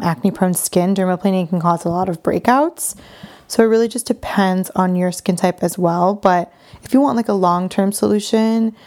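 A young woman with a slightly low voice and a gravelly fry in her tone, talking through listener questions on her own podcast. She sounds earnest and chatty, circling back with fillers and repeated words. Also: a little mellow. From Brazilian heritage. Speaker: podcast host. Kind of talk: casual solo podcast talk.

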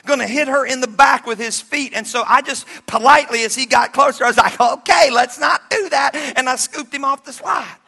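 High, bright-voiced preacher man, animated. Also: brisk, vocal fry, hardly any pauses. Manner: animated storytelling, swinging between shouts and hushed asides; jokey and conversational with the congregation. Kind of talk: sermon with personal stories.

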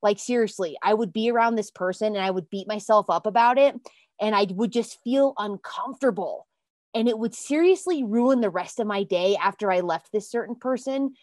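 A woman hosting a self-help podcast, giving a motivational talk in an earnest, emphatic way, calling her listeners "you guys" and bursting into excited exclamations. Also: medium pitch, moderate pace, no room sound, clean studio sound.

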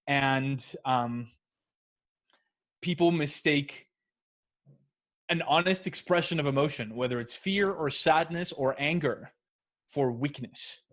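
A man's voice: mid-range voice, a bit bright. Guy on a podcast, talks openly, stops and restarts his sentences a lot. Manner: candid, thinks aloud with restarts. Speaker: guest, app founder. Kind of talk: casual conversation.

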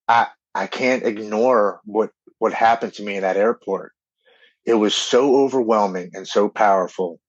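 A man, a podcast guest, telling an emotional recovery story in an earnest, halting way with repeated words. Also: fairly low pitch, dry recording. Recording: dull, dry remote recording.

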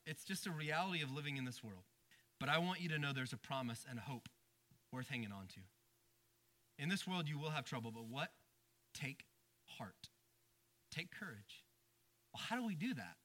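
A male pastor preaching a conversational sermon, repeating and restarting words and dropping to a low, quiet voice for emphasis. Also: very animated, fairly quick. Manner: frequent stammered restarts.

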